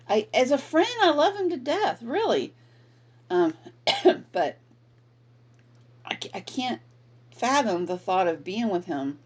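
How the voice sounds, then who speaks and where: A woman's voice: mid-range voice, darkish tone, slightly rough. A woman host telling a personal story in a candid, frustrated, casual way, sometimes swearing. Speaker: podcast host.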